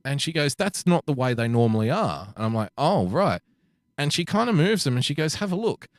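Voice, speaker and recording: A man's voice: medium pitch, fairly quick, no echo, clean studio sound. An Australian man co-hosting a podcast, telling a profane story in casual chat and acting out the quotes. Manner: profane, animated anecdote-telling with acted quotes. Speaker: podcast co-host. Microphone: podcast microphone.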